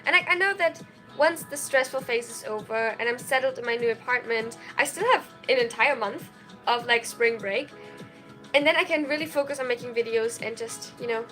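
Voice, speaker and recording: A young woman with a high, bright-pitched voice talks casually on a live stream, reading chat messages aloud and reacting with quick bursts of excitement. She sounds tired from lack of sleep, with faint music playing behind her in a small dorm room. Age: young adult.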